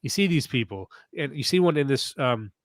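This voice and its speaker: A man hosting a comedic podcast, riffing sarcastically and reading posts aloud in mocking voices. His pitch sits mid-range for a man. The sound is dry and close, with no room echo. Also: expressive, brisk. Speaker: podcast host. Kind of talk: casual comedic rant.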